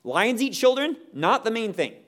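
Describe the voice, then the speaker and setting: A man's voice: very high-pitched, very animated, moderate pace, a bit bright. A man teaching a Bible lesson who reads scripture aloud with feeling and breaks in with casual, informal asides and questions for the group. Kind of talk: scripture reading with commentary.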